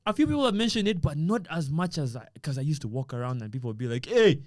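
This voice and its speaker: A young man from Uganda, a podcast guest, chatting casually and telling stories in a lively way, often quoting himself. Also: fairly high pitch, rapid-fire, dry recording, clean studio sound. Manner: animated storytelling, quotes himself often. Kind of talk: casual chat. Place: podcast room.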